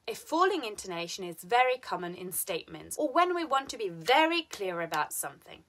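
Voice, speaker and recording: A woman with an Italian accent teaching English intonation, speaking slowly and clearly and exaggerating the rise and fall of her example sentences. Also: medium pitch, very animated, a bit bright. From Italy. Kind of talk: lively scripted lesson with spoken example sentences.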